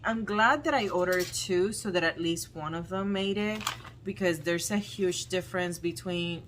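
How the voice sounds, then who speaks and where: A woman vlogger doing casual unboxing commentary, talking in a halting, dismayed way with frequent ums. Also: fairly low pitch, a bit bright, a little hiss or hum. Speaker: plant vlogger.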